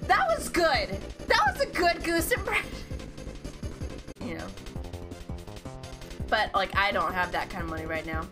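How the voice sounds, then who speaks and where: A woman streaming a video game, chatting casually into a desk mic, excitable, laughing often and swearing offhandedly. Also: medium pitch, moderate pace, pauses often. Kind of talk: casual gaming stream commentary. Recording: game music playing behind.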